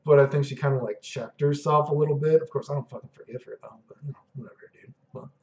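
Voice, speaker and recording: A man's voice: mid-range voice, steady tone, fast, vocal fry, a little mellow, reverberant, lo-fi sound. Rambling, foul-mouthed man telling stories. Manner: casual, profane, keeps saying "dude" and "you know what I mean". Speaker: vlogger. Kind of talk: rambling personal storytelling.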